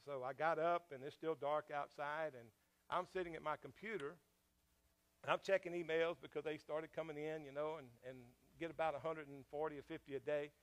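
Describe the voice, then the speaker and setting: A man's voice: a little high, steady tone, a little fast. A man preaching a sermon as pastor, telling a personal story in a conversational way, with frequent fillers and questions to the congregation.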